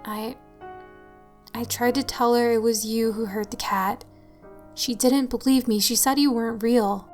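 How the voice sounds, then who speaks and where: Woman reader doing a weepy little boy, childlike, slightly raised pitch; storybook horror. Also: steady tone, unhurried, soft background music, lightly acted. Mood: tearful.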